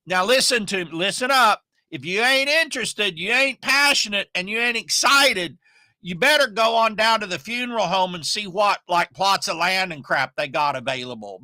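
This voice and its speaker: Loud, folksy middle-aged man from Oklahoma. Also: high-pitched, no echo. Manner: folksy, emphatic, loud bursts. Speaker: online marketing coach. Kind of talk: motivational talk to camera.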